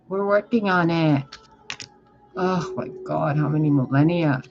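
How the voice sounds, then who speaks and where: A man's voice: a little high, a little slow. A man giving a casual tarot reading, blunt, profane and exasperated. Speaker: tarot reader. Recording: muffled, with music behind. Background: music.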